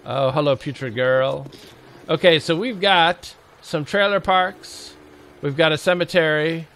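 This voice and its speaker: Gravelly and sharp, with a fairly high pitch and lively intonation, a male streamer takes his time as he talks. He keeps up jokey, casual commentary on a survival game, chatting with his audience and addressing the zombies.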